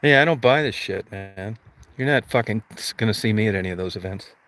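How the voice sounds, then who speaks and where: A man's voice: lowish voice, a little fast, fairly bright tone. A man hosting a livestream, ranting crudely with constant swearing and mock outrage. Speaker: livestream host. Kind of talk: profane comedic rant.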